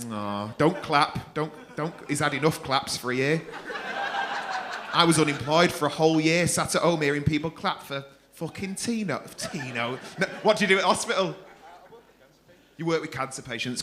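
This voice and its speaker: A man's voice: a little high, normal speed, noisy background. A man hosting a comedy club, teasing the audience with sweary crowd-work banter.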